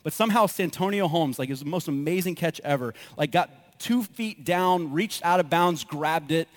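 Guy pastor preaching, kinda high voice, gets really into his stories and acts out what he said. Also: moderate pace. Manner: animated storytelling, acts out his own reactions. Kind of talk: sermon with personal stories.

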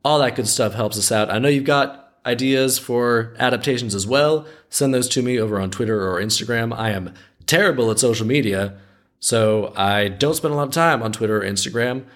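This podcast host has a mid-range voice and talks fairly quickly. He's reading a folk tale to his audience, pausing now and then to wander into skeptical, wry tangents as casual commentary on the story.

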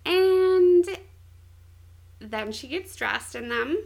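High-voiced young woman retelling a story. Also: moderate pace. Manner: animated storytelling, frequent "like", giggly. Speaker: co-host recapping an anime. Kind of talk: casual chat.

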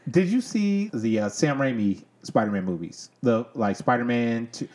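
Guy hosting a podcast, voice jumps all over, gets excited, kinda rambly. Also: mid-range voice, normal speed, a little hiss or hum. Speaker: podcast host. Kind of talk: casual chat.

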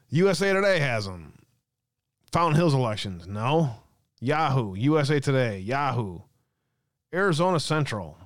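A man's voice: mid-range voice, no echo, clean studio sound. A man hosting a live stream, chatting casually, reading out viewer messages and laughing often. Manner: chatty, reads chat aloud, laughs often.

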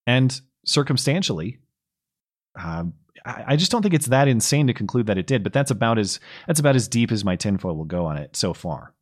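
Man with a cold and a lively voice. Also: medium pitch. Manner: measured, hedging, laughs along. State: has a cold. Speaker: podcast co-host. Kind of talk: casual political chat.

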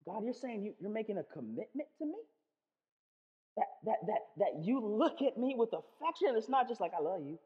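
A pastor preaching a sermon, animated, acting out little back-and-forth dialogues and often restarting phrases. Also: medium pitch, moderate pace. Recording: echoey hall, dull lo-fi sound.

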